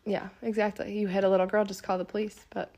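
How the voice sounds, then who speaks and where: A young woman co-hosting a podcast in casual chat, speaking softly with a sick, hoarse voice and lots of filler words. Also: mid-range voice, level tone, fast talker. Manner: soft-spoken, lots of "like" fillers. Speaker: podcast co-host.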